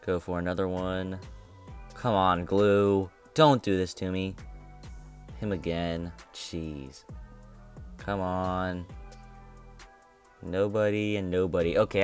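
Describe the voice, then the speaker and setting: Young man grumbling over a game box opening. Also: sits low. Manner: frustrated, complaining, repeats himself. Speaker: gaming channel host.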